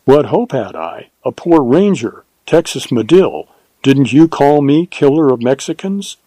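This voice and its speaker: A man with a warm, medium-pitched, sing-song voice reads a western aloud, playing a devoted Texas ranger. He speaks slowly, earnestly and somewhat huskily, with no room sound on the recording.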